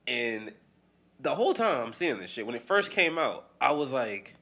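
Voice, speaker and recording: A man's voice: mid-range voice, normal speed. A man co-hosting a podcast in casual, profane chat. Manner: animated, profane, mimics voices when quoting people. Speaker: podcast co-host.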